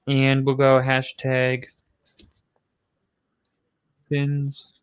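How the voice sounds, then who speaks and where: Slow, bright-voiced male streamer. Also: mid-range voice, no room sound. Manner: rambling, swears, reads chat aloud. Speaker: live streamer. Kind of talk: casual chat with viewers.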